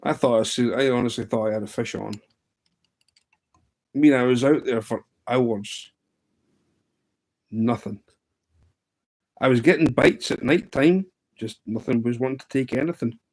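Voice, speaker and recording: A man's voice: mid-range voice, measured pace, pauses often, darkish tone, poor audio. A man hosting a casual livestream, telling fishing stories in a chatty, laughing way. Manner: chatty storyteller, often laughing. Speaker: livestream host.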